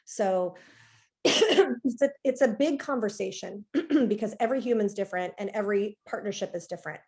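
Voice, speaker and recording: A woman therapist talking in a relaxed, reflective way in a webinar, acting out parents' worries as she goes. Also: mid-range voice, moderate pace. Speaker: therapist guest. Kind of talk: webinar talk.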